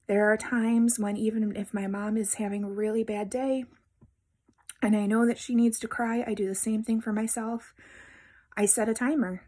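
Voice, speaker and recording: A woman in a personal vlog speaks warmly and directly to the people watching. Her voice is gentle and reassuring, and at the tenderest moments it drops to a hushed near-whisper. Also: on the high side, flat delivery, normal speed. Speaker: vlogger. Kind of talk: heartfelt personal vlog talk.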